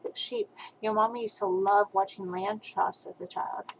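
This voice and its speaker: An older woman, a grandmother, reading a rhyming picture book aloud to a small child over a webcam, with soft asides between verses. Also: mid-range voice, fairly even intonation, moderate pace, slight background noise, poor audio.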